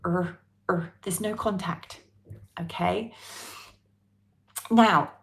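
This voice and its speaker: A woman's voice: fairly low pitch, gravelly. A woman with a British English accent teaching a pronunciation class, coaxing her students and drilling sounds with careful repetition. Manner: lively, coaxing, drills sounds slowly and repeats them. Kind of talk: live online pronunciation lesson.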